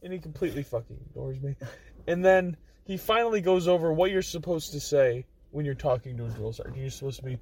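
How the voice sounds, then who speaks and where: A man guest on a podcast, telling a story in a casual, animated, profane way. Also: fairly high pitch, fast talker, recorded from a distance.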